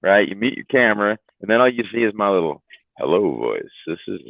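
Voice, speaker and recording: His voice sits on the low side but swings widely in pitch, and he talks fast despite being tired and worn out. He's a livestream host rambling and joking with a laugh in a casual chat, heard through tinny phone-like audio with no echo.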